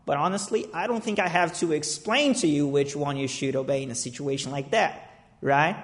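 A man's voice: a little high, moderate pace. A man preaching a sermon to a church gathering, reading scripture, praying and telling a story with emphatic, dramatic rises. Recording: long reverb of a large hall.

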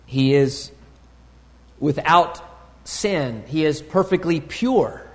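Measured preacher in a reverberant hall. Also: male voice, on the high side, animated. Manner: deliberate, teaching tone with pauses and fillers. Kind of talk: sermon.

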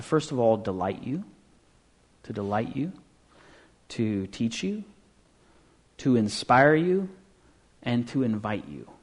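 Man preaching a conversational sermon. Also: on the low side. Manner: conversational preaching, rhetorical questions, drops to quiet asides. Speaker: pastor.

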